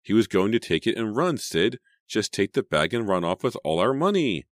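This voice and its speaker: A man voicing a frantic, desperate teenage girl in an audiobook, with a high, strained and pleading tone. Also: very animated, normal speed, dry recording, studio quality.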